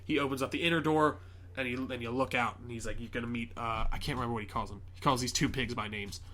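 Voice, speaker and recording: A podcast host casually retells a movie plot, rambling, quoting characters, and filling his talk with fillers and swearing. He speaks fast with a mid-range voice, fairly even intonation, and a sharp tone.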